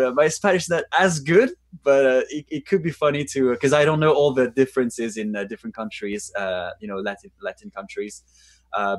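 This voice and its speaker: A man speaking English with a French accent, chatting as a guest in an interview. He thinks aloud as he talks and often stops to search for words. His voice is mid-pitched, heard over a video call. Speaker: guest actor. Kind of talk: casual interview talk.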